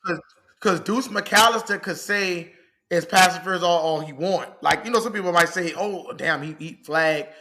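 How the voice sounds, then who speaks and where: Bright-voiced host guy, teasing, cracks himself up, swears. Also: high voice, normal speed. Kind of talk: casual fan-show talk.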